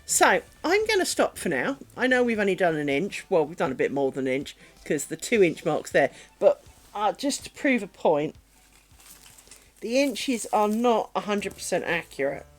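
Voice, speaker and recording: A chatty woman streaming from home while she crafts. Her pitch swings up and down a lot as she rambles through stories, then sinks soft and low whenever she talks to her pets. Faint music plays behind her. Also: big pitch swings, moderate pace. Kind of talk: casual chat while crafting.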